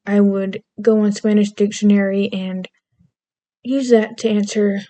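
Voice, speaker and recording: A woman's voice: medium pitch, little pitch movement, unhurried, dark tone, no room sound. A young adult woman vlogging in rambling, goofy casual chat, self-deprecating and meandering between topics.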